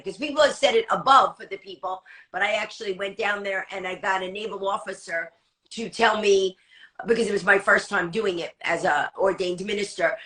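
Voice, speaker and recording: A woman stand-up comic telling an anecdote as a guest, fast-talking and acting out the dialogue she quotes. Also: mid-range voice, sharp tone.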